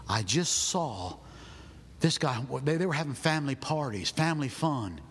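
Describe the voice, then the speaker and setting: A man preaching a sermon in a folksy storytelling manner that builds to shouting. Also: fairly high pitch, lively intonation, normal speed, slightly rough, in a large hall. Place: church.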